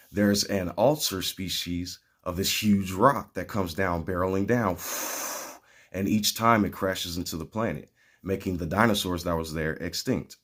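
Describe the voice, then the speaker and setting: Low-voiced man on a rambling spiritual ramble. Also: fairly bright tone. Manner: earnest, preachy, meandering.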